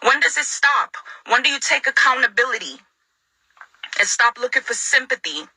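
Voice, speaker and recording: A woman's voice: high voice, sing-song, normal speed, sharp tone, slightly rough, no echo, poor audio. A young adult woman ranting straight at an ex, confrontational and repeating lines for emphasis. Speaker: vlogger addressing her ex. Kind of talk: angry direct-to-camera rant.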